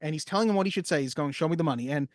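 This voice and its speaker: A man co-hosting a casual film podcast, talking at length and acting out movie lines with lively emphasis. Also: fairly high pitch, racing, dry recording, clean studio sound. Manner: animated, acts out movie lines. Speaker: podcast co-host.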